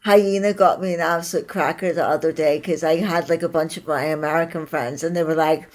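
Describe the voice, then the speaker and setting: A woman's voice: lowish voice, steady tone, moderate pace, a little mellow. A woman hosting a podcast, chatting casually and swearing freely with effusive praise. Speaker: podcast host. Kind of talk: casual chat.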